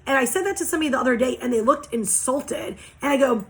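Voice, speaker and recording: A woman's voice: high voice, quick pace, hardly any pauses. A young woman giving a casual oracle card reading, talking passionately and bluntly with lots of swearing. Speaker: tarot reader.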